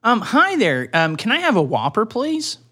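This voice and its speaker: A pushy customer phones in an order, stumbling over his words while insisting he is right, as a man plays him. The voice is bright and swings widely in pitch. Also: wildly swooping pitch, moderate pace, heavily acted. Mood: insistent. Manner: hesitant, insistent.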